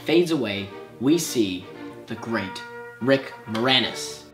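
A young man in a comedy group, pitching a silly story in casual chat with bursts of squeaky shouting. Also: slow pace, echoey room, music in the background. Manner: animated storyteller with sudden squeaky outbursts.

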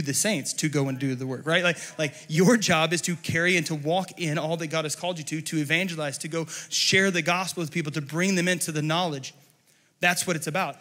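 A man preaching a sermon as pastor at a church service, passionate and often building up to shouting. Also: on the high side, big-room sound.

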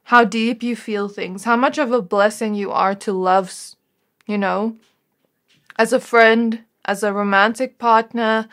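A woman giving an intuitive tarot reading to her viewers, talking in a gentle, reflective way and often pausing on "like" as she muses. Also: a little high. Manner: gentle, reflective, musing with frequent "like". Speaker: tarot reader.

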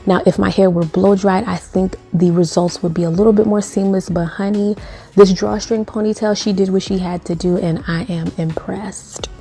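A woman's voice: medium pitch, steady tone, brisk, dark tone, slightly rough. A young woman talking through a hair tutorial in a sassy, playful, chatty way. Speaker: beauty vlogger.

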